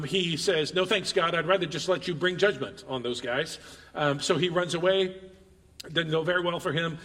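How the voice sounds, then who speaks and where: A man preaching a sermon, reading scripture aloud and voicing its speakers with animated emphasis, asking the crowd questions. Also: fairly high pitch. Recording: long reverb of a large hall.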